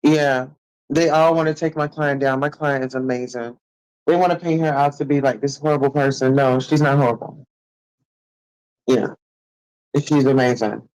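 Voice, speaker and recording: A man's voice: medium pitch, fairly even intonation, normal speed, pauses often, a little mellow, low-quality recording. A man ranting at commenters on a live stream, brash and sassy, swearing a lot and drawing his taunts out in a sing-song.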